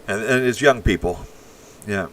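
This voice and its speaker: A man's voice: fairly low pitch, normal speed, a bit bright, distant mic, a little hiss or hum. A man from Canada hosting a casual livestream, rambling bluntly and crudely as he reacts to chat messages. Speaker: livestream host. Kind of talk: casual live-stream chat.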